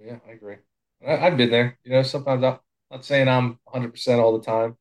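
A man's voice: mid-range voice, steady tone, fairly quick, poor audio. A man who is a volunteer assistant fire chief, talking in a casual, plainspoken and humble way with frequent restarts. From Pennsylvania, USA. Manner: plainspoken, self-deprecating, many restarts. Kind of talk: casual podcast conversation.

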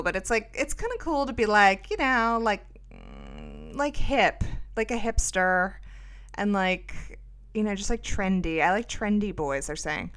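A woman's voice: mid-range voice, big pitch swings, moderate pace, a bit bright, smooth. A middle-aged woman hosting a podcast, telling a rambling, self-mocking story with lots of fillers. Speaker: podcast host. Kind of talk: casual storytelling monologue.

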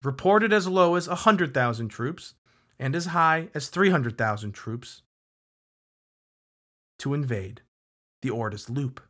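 A man's voice: mid-range voice, expressive, takes it slowly, pauses often, a bit bright. Man, podcast host, casual history narration, emphatic, conversational asides.

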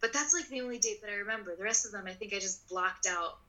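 A woman in her twenties telling a personal story in an interview, animated and full of "like", acting out the voices of people in her story. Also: mid-range voice, fast talker, low-quality recording. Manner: animated, acts out voices in quotes; filler-heavy, frequent "like". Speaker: guest.

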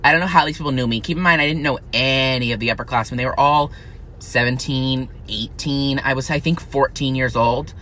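A young man in college, venting in a profane, angry, unfiltered rant to camera that swings into high, shrill outbursts. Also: a little fast, bright, forceful tone, a little hiss or hum. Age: young adult. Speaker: vlogger.

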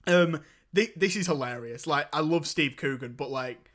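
A man's voice: a little high, normal speed, fairly bright tone. A young man hosting a podcast in casual, rambling chat. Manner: rambling, chatty, laughs while retelling scenes. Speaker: podcast host.

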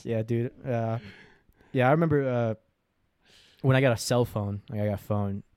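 A man's voice: medium pitch, normal speed, a little mellow, clean tone, no echo, clean studio sound. A young man co-hosting a casual podcast chat, laughing often and acting out quotes in exaggerated voices. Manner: laughs a lot, acts out quotes in exaggerated voices, swears freely. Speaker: podcast co-host.

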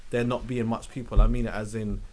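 Laid-back podcast host. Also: male voice, on the low side, level tone, quick pace, crowd noise. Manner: reflective and conversational, with lots of agreeing. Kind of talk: casual podcast chat.

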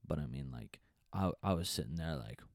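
A young man recounts a story in casual chat, pausing often and leaning on fillers. His voice is very deep and the recording is dry and close. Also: very animated, gravelly, dry recording. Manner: hesitant, filler-heavy storyteller.

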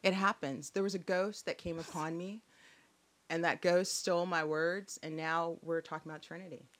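A woman's voice: fairly low pitch, fairly even intonation, moderate pace, a bit bright. A woman chatting as a podcast guest, rambling and giggly, often laughing and joking. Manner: giggly, rambling, jokes freely. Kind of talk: casual chat.

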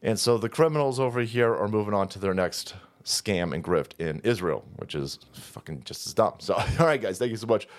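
A man's voice: on the low side, expressive, moderate pace, few pauses, soft background music. A man hosting a profane political rant, sarcastic and combative in manner. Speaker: political commentary host.

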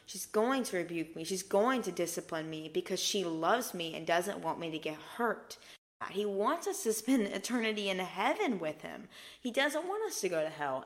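An earnest young woman talks through scripture on her podcast, pressing each point with emphasis. Now and then she sinks to a soft hush to let a point land. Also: fairly low pitch, animated, normal speed. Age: young adult. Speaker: podcast host. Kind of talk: faith podcast teaching.

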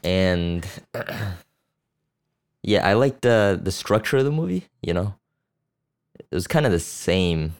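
A man's voice: deep voice, expressive, slow pace, pauses often, clear, resonant tone. A man hosting a podcast, rambling bluntly and crudely about a movie, with lots of fillers and restarts. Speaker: podcast host. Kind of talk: casual profane movie chat.

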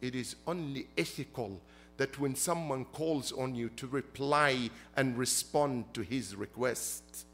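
A man's voice: medium pitch, measured pace, fairly bright tone, faint music behind. A man preaching a sermon as a sheikh, emphatic, repeating his points and asking rhetorical questions. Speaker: sheikh preaching at a Muharram gathering.

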